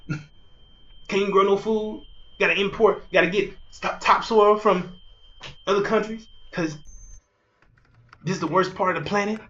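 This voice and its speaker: A man preaching a fiery street sermon, repeating himself and jumping between loud outbursts and low murmurs. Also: gravelly, highs cut off. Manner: repetitive, rhetorical, keeps asking "you see".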